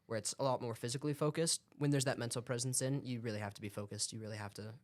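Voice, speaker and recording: A young man with a mid-range voice talks through his points in a casual podcast chat. He explains at a steady pace and often pauses on fillers as he thinks. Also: mid-range voice. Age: young adult. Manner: thoughtful, explaining with frequent fillers.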